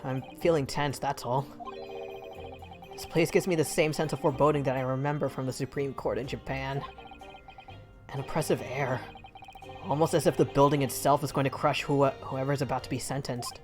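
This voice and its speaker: A woman's voice: steady tone, normal speed, over music. A woman doing an anxious young male lawyer. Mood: tense. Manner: low, subdued, anxious.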